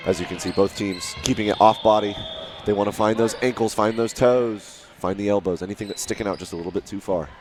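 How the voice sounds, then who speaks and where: A man giving live play-by-play commentary, rising to shouts at big plays. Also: lowish voice, fairly even intonation, fast talker, background noise. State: out of breath.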